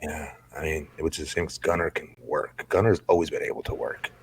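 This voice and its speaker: A man's voice: extremely low pitch, fairly even intonation, fairly quick, breathy edge. A man talking as a guest on a podcast, a laid-back storyteller who draws out his phrases. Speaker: podcast guest, former wrestler. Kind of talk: casual podcast chat.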